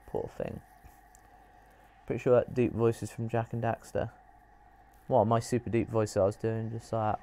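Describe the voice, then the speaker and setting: A man hosting a live game stream, chatting and reacting with animated, laugh-prone commentary. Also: mid-range voice, normal speed, long pauses. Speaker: streamer host.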